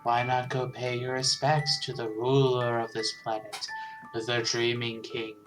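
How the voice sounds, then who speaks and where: An eerie little bird citizen of a happy star, as a man puts him on, drawing out every word in a slow, creepy drawl. Game music plays behind him. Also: mid-range voice, flat delivery, lightly acted. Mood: ominous. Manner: slow, drawn-out, ominous delivery. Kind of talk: voicing a visual novel character aloud.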